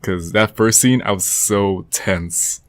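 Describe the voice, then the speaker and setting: A man's voice: lowish voice, slow, dry recording. A young man co-hosting a casual podcast chat, thoughtful and hedging with lots of "like". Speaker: podcast co-host.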